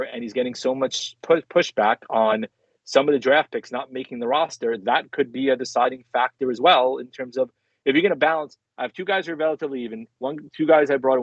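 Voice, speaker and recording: A man with a mid-range voice co-hosts a sports talk show, debating casually and conversationally with lots of "I mean" and "look," plus some teasing. There's no room sound, and the recording is slightly dull and lo-fi.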